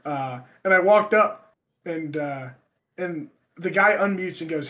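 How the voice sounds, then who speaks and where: A man's voice: fairly high pitch, unhurried, sharp tone. A young man hosting a casual podcast, rambling through crude stories and swearing often. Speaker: podcast host.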